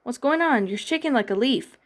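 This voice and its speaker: A woman's voice: sits high, lively intonation, a little fast, pitched above the performer's own voice. A woman voicing a supportive teen girl friend who urges and reassures, in a fan-fiction reading. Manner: urging, reassuring.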